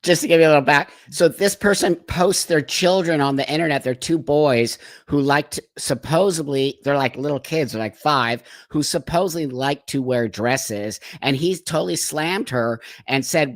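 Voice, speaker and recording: A man's voice: a little high, no echo, studio quality. A man hosting a live stream, talking emphatically and indignantly and backing up his guest. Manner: emphatic, indignant, quick to agree. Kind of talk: casual live stream chat.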